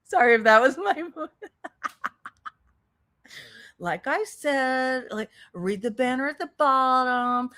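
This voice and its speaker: A woman's voice: high-pitched, sharp tone. A woman hosting a reaction commentary, talking in a sarcastic, mocking way. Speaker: commentary channel host.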